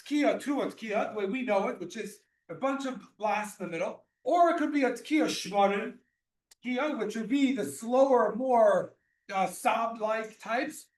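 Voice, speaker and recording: Male class teacher, high-pitched, restarts sentences often, recorded from afar in an echoey hall. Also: expressive, a little slow. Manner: repeats and restarts, explains with everyday examples. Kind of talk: explanatory Torah class. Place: class room or synagogue. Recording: echoey room, mic far off.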